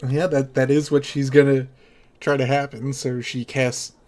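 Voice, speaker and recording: A man runs a tabletop role-playing session, describing scenes and speaking for the characters. His voice sits at a middle pitch and he often restarts his phrases mid-sentence. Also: level tone, moderate pace, a little mellow. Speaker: game master. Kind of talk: narrating a tabletop game.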